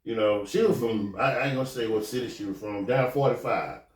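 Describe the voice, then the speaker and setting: A man hosting a podcast, telling a story casually, with animated, profane delivery, acting out the quoted lines. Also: on the low side, a little fast. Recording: echoey room, mic at a distance.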